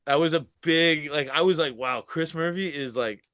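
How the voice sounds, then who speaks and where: A man's voice: on the high side, moderate pace, fairly bright tone, clean tone, no room sound. A man in his forties, a podcast guest telling a story in casual chat, swearing freely, laughing often and acting out what people said. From Canada. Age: 40s.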